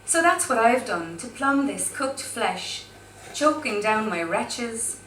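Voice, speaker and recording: Brief: woman spoken word poet, bright high voice, mic set back in an echoey pub room. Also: lively intonation, distant mic, a little hiss or hum. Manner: wry, chatty between pieces, slow and deliberate in poems. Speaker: guest poet.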